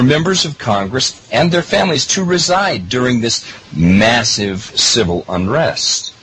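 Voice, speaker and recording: A man's voice: measured pace, hardly any pauses, slight background noise, rough recording. A man hosting a political commentary monologue for his listeners, emphatic and full of rhetorical questions. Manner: emphatic, rhetorical questions, lively pitch swings.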